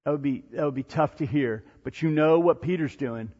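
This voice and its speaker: A pastor preaches an animated sermon from the pulpit in a husky, slightly high voice at a fairly quick pace, rising to near-shouts at the big moments, then dropping low and soft. The lo-fi audio is dull, with long reverb trailing through a large church hall.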